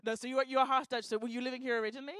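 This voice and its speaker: A woman's voice: sits high, level tone, very fast, fairly bright tone, clean tone, dry recording. Teasing woman hosting an event. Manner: teasing, joking, chatty. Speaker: event host. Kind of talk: stand-up style crowd work. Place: lecture hall stage.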